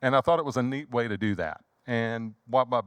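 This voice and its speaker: A man in his thirties with a Southern drawl tells a family story in an animated, lively way, jumping up in pitch whenever he acts out what someone said. His voice sits in a middle register. The sound is close and dry, with no room behind it. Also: fairly quick, smooth, no echo. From Louisiana. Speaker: guest, funeral home owner. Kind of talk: storytelling in casual chat.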